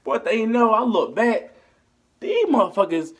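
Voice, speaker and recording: A man telling a funny story about his youth in a casual, animated, profane way, laughing as he goes. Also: on the high side, normal speed, breathy edge. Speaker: vlogger.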